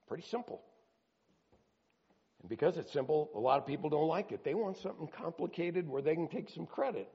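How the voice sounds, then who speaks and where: A man's voice: a little high, a little mellow, highs cut off. Earnest preacher man in a reverberant hall. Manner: earnest, emphatic preaching with rising and falling intensity. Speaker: pastor. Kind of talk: sermon.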